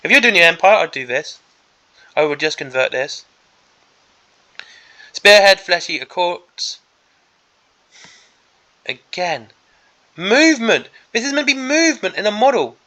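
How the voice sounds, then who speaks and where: A man's voice: high voice, animated, a little slow, long pauses, pushed and bright. A man hosting a miniatures hobby channel, giving an exasperated, sarcastic ranting commentary on a product preview.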